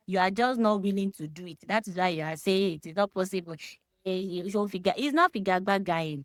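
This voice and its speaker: A woman's voice: medium pitch, no room sound, studio quality. A woman in her thirties with a Yoruba Nigerian accent talks emphatically in a casual discussion. She mixes Yoruba phrases into her English. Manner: emphatic, animated, talks straight to the listener. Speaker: podcast discussion guest. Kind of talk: casual faith-centred discussion.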